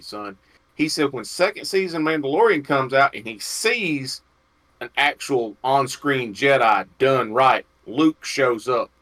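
Folksy, animated storyteller man. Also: mid-range voice. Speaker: podcast co-host. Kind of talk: casual storytelling chat.

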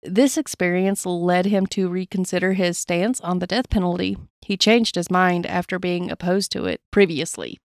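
This true crime podcast co-host speaks on the low side at a normal speed, with few pauses, as she gravely reads a case account. Blunt personal asides break up the reading. The sound is studio quality, free of room sound.

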